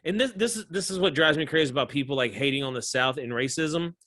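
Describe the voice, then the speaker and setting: A male comedian telling stories as a guest in a casual interview, animated and laughing often. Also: a little high, fast, no echo.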